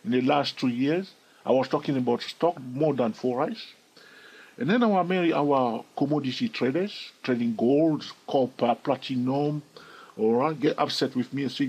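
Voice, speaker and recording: A man hosts a casual chart walkthrough in a husky, slightly breathy voice. He chats loosely and keeps checking in with his viewers through questions and asides. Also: medium pitch, normal speed, a little mellow, rough recording. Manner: chatty, asks viewers questions, frequent "all right?". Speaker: trading video host.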